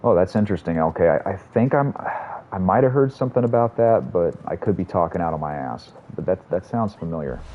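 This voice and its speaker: A man streaming a game, chatting casually and telling stories in a rambling, profane way. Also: low-pitched. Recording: slightly muffled audio, faint room hum.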